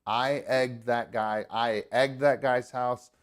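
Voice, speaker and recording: A young man hosting a live podcast, telling a long story in loose, profane chat. He gets animated and loud when he acts out what other people said, then drops back to an easy, mid-pitched voice. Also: slow pace. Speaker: podcast host. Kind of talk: casual storytelling.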